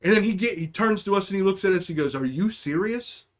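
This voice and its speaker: High-voiced young man rambling a story. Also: racing. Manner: rambling, profane, keeps asking "okay?". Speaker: livestream host. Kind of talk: casual storytelling chat.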